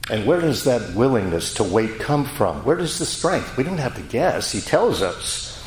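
A man preaching a sermon, slow and emphatic, with dramatic pauses. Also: mid-range voice, big pitch swings, reverberant, a little hiss or hum, poor audio. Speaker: pastor.

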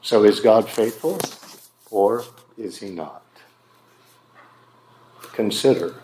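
Slow, deliberate preaching man. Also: medium pitch, darkish tone, roomy sound. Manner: slow, emphatic preaching with dramatic pauses. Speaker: pastor. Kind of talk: sermon.

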